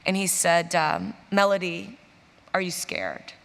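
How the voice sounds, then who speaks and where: A lower-pitched woman from Chicago tells her stories on a conference stage. She gets animated and acts out the people she quotes. Her voice carries the long reverb of a big hall. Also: slow, creaky. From Chicago, USA. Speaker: interview guest, business executive. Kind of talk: storytelling in a stage interview.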